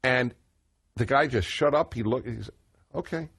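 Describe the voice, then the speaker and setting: A man's voice: medium pitch, moderate pace, a bit bright, husky, no echo, studio quality. A man, hosting a call-in radio talk show, expansive and opinionated, chuckling now and then.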